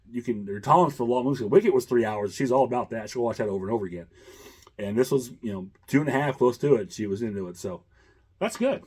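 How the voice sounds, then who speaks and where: Brief: male host, casual rambling chat, deep and slightly raspy. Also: a little mellow. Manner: rambling, chuckling, many fillers.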